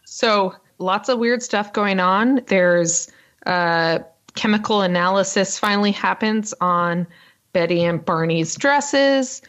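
A woman co-hosting a podcast, recounting a story in a casual, fast, filler-heavy way. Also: medium pitch, a bit bright, lo-fi sound. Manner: fast-talking, lots of ums and uhs. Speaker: podcast co-host.

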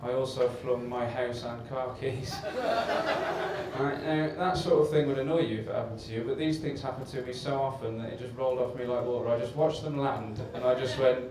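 A man's voice: mid-range voice, fairly even intonation, a little fast. Man, stand-up comic, self-deprecating storyteller, very roomy club sound, distant hissy recording. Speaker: stand-up comedian. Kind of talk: stand-up routine. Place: comedy club stage. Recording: echoey live club recording from far off with hiss.

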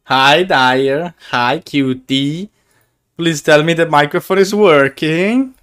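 A man streaming live who chats casually with his viewers, playful and excitable, often stumbling over his words and repeating himself. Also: on the high side, slow. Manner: excitable, stammering, playful, greets chat.

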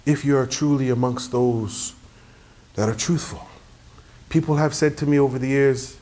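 A man's voice: mid-range voice, steady tone, moderate pace, a little mellow. A man delivering a sermon, telling stories with emphasis and dropping in Arabic phrases. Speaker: preacher.

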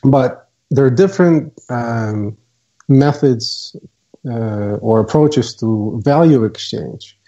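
Mellow man with a dull recording. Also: medium pitch. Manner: measured, hesitant, many fillers. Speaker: guest, software co-founder. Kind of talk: casual interview talk. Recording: dull lo-fi audio.

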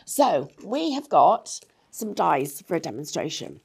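A woman's voice: lowish voice, big pitch swings, unhurried, creaky, a little mellow, husky. A woman giving a chatty, jokey craft demonstration, often correcting herself as she goes. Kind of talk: casual product demonstration.

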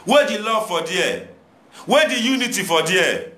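A man's voice: sits high, sing-song, unhurried, sharp tone, reverberant. A young Nigerian man speaking Nigerian Pidgin English, exhorting his listeners in a passionate, repetitive monologue. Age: young adult. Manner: preachy, exhorting, repetitive rhetoric. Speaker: commentator addressing viewers. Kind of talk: impassioned monologue.

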